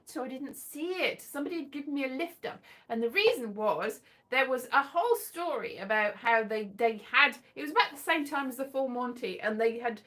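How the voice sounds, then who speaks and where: A middle-aged woman chatting casually, rambling from one story to the next, animated, breaking into little cheers and snatches of song. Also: high voice. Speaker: vlogger. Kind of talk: casual chat.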